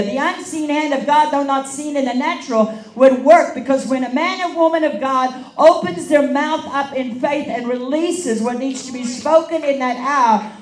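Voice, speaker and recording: A woman evangelist preaching a charismatic sermon, moving between prophetic prayer and storytelling with fervent, rhythmic swells. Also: high voice. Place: church meeting hall. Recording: echoey hall, voice from far off.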